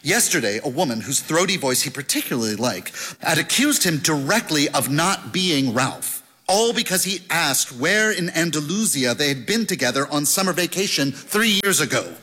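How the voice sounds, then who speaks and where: A man narrating an audiobook with a lively, expressive delivery. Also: on the high side, normal speed. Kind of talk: scripted narration. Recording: long hall reverb.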